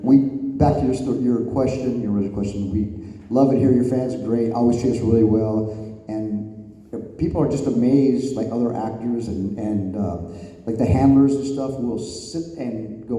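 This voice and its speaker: Man with a dark voice, echoey hall. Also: mid-range voice. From California. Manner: rambling, laughing anecdotes. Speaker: wrestler on a convention panel. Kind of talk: panel Q&A answers. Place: large convention hall.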